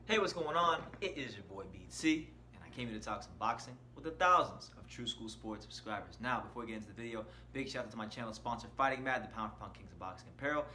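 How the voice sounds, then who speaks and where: A man's voice: mid-range voice, animated, fast talker, few pauses, sharp tone, slight background noise. A man hosting a casual boxing channel, giving opinionated commentary and stressing key words, speaking from an indoor room. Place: indoor room with shirts on the wall.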